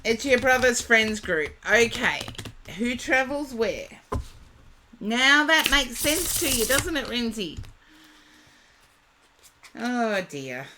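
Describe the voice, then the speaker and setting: A woman reading tarot live for viewers, chatty and reassuring, talking to them by name, her voice going a little hoarse. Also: a little high, very animated, takes it slowly, long pauses, bright, forceful tone, a little hiss or hum. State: losing her voice. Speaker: tarot reader.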